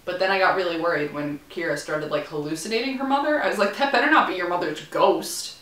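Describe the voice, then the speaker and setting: A woman's voice: lowish voice, quick pace, a bit bright, roomy sound. A young woman chatting casually as she recaps a TV episode, rambling with playful asides. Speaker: vlogger. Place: room in a student building.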